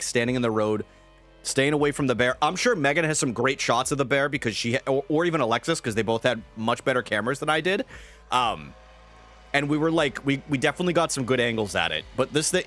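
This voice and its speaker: Young guy streamer rambling to chat, mid-pitched voice, bit of music under it. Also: a bit bright. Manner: chatty, greets chat, rambling with fillers. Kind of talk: casual live-stream chat.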